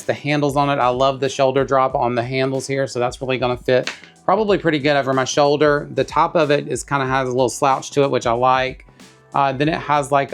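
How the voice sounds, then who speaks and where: A man talks through an unboxing in a chatty, gushing way, calling his viewers y'all. His mid-pitched voice has a gravelly fry to it. Soft music plays faintly underneath. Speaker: bag reviewer. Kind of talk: casual unboxing vlog.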